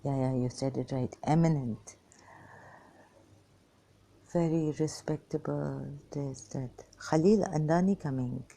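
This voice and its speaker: A tired, weak woman rambling through a personal monologue for her vlog in halting, broken phrases. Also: low voice, vocal fry, mellow. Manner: halting, fragmented speech with many pauses. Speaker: vlogger.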